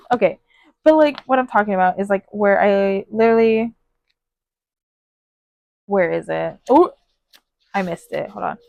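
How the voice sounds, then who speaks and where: A woman's voice: medium pitch, unhurried, creaky, long pauses, darkish tone. A woman giving a casual, gushing book review on her phone, full of fillers and emotional asides. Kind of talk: casual spoiler book review with read-aloud passages.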